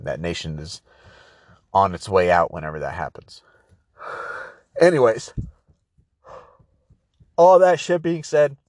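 A man's voice: lowish voice, dry recording, studio quality. A man hosting a podcast in a casual political rant, rambling and profane, full of filler words and "bro". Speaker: podcast host.

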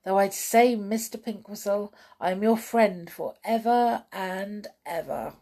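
A woman voicing an excited young boy who calls out joyfully. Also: medium pitch, takes it slowly. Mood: grateful. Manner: joyful, calling out. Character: excited young boy reunited with his dog.

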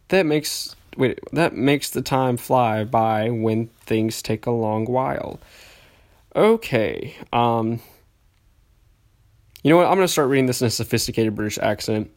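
A man's voice: mid-range voice, a little slow. Rambling self-mocking young man. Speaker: podcast host. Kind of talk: reading old school journal entries aloud with commentary.

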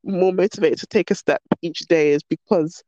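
A woman's voice: on the low side, moderate pace, dry recording, muffled recording. A woman talking as a podcast guest in casual, bubbly chat that pokes fun at herself. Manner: bubbly, animated, self-mocking.

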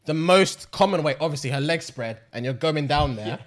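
A young man from the UK co-hosting a crude casual podcast chat, talking low-key and mumbled with quick bursts. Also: animated, crowd noise. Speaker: podcast co-host.

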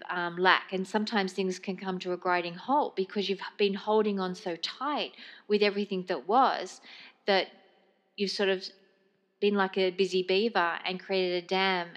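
Slow, gentle woman with a low voice. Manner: slow, meandering, gentle delivery with many fillers. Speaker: podcast host. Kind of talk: spiritual podcast monologue.

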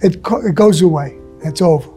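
This man talks fairly quickly in a fairly high voice with a dark tone, while soft music plays behind him. Appearing as a guest in a casual interview, he tells stories bluntly and profanely, acting out quotes as he goes.

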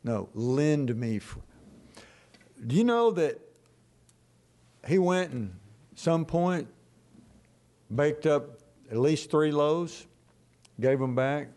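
An older man preaching a sermon as a pastor, telling stories in a folksy, animated way. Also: fairly high pitch, slow pace, pauses often.

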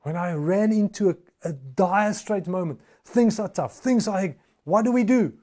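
A man preaching a morning sermon, emphatic and swinging between loud and soft passages. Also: sits high, lively intonation, unhurried. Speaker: pastor.

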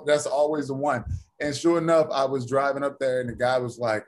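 A man's voice: mid-range voice, brisk. A man, an actor and author, talking as a guest in a casual interview and telling stories with energy. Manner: animated storyteller, acts out quoted voices.

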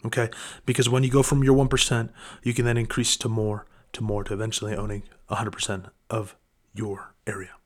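A man's voice: lowish voice, flat delivery, brisk. A man preaching a casual devotional talk, conversational and earnest, often saying "man" and "you know".

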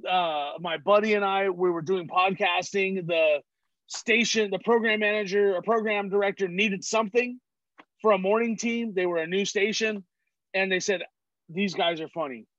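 A comedian from California telling stories as an interview guest. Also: male voice, sits high, steady tone, moderate pace, fairly bright tone, dry recording, highs cut off. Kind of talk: casual interview chat.

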